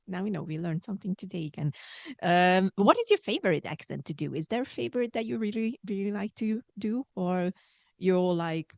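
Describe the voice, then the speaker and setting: A woman's voice: mid-range voice, animated, fairly quick, creaky, a little mellow, no echo. A woman hosting an interview, asking questions hesitantly with many fillers and restarts. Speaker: podcast host. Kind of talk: casual interview chat.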